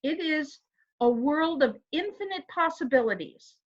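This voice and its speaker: A woman's voice: sits high, expressive, measured pace, dull audio. A woman co-hosting a casual inspirational chat, earnest and emphatic, who asks rhetorical questions. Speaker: co-host.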